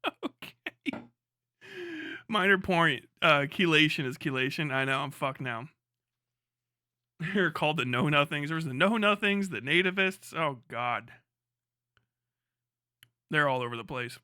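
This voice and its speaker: An American man on a live stream, ranting with lots of swearing, swinging between shouting and muttering. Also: fairly high pitch, animated, slow, pauses often, no echo, clean studio sound. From United States. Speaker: livestreamer. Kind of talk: profane rant on a live stream.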